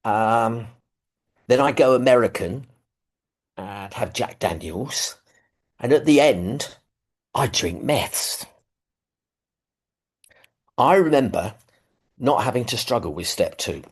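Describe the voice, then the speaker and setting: A man's voice: mid-range voice, lively intonation, takes it slowly, pauses often, slightly rough. A man with a London accent, speaking from his living room on a video call, telling his recovery story in a casual, self-deprecating way with many fillers. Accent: London English. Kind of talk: personal testimony, casual.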